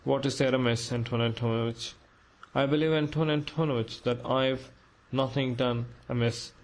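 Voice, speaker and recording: A man's voice: mid-range voice, fairly even intonation, normal speed, natural voice, low-quality recording. A man voicing a timid, anxious middle-aged clerk who pleads in a flustered way. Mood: timid pleading.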